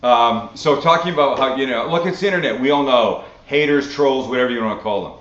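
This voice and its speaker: This is a man from Canada hosting a casual live-stream cooking Q&A, chatty and animated with the odd curse thrown in. His middle-range voice rings around a roomy space. The recording has a dull, lo-fi sound. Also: medium pitch, fast talker. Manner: animated, swearing, chatty storytelling. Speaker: cooking show host.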